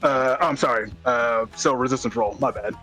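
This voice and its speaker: A man narrating as game master in a tabletop game, rambling with many fillers and breaking into high voices for characters. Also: normal speed, sharp tone, soft background music.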